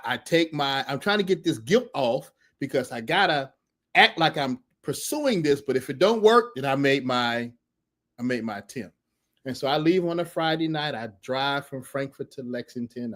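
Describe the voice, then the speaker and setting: A middle-aged man telling his story with lots of energy. His voice sits a little high for a man. He laughs often and acts out the people in the tale. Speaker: podcast guest telling his testimony. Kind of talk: animated storytelling.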